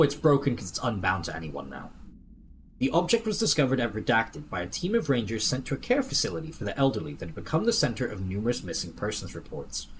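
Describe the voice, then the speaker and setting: Lively man streaming a game. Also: fairly low pitch, slight background noise. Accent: American, slipping toward British. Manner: casual, reads chat and in-game documents aloud. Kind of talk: casual gameplay livestream chat.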